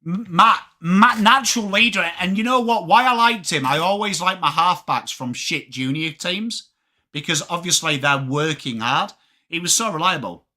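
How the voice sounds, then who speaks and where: A young English man hosting a live sports watchalong, talking fast and casually, swearing freely and answering chat by name. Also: sits high. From England. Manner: animated, swearing, reads chat names aloud. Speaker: livestream host.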